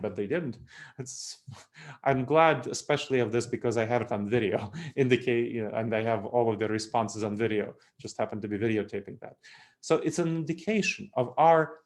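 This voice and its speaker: A man's voice: mid-range voice, a little mellow. A middle-aged man from New York giving a webinar presentation, lecturing in a chatty way with joking asides and chuckles.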